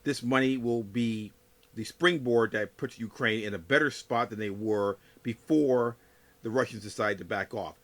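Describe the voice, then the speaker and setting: A man's voice: lowish voice, fairly bright tone. Man hosting a political risk podcast. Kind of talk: solo podcast commentary.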